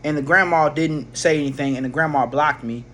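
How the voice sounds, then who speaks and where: A man's voice: fairly high pitch, brisk, a bit bright. A man casually telling a personal story, rambling with slang, swearing and frequent restarts. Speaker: vlogger.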